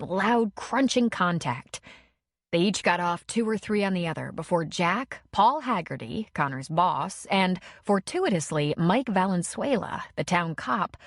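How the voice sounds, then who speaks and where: Narrating an audiobook, a medium-pitched woman keeps her storytelling measured yet expressive. There's no room sound, just a clean studio recording.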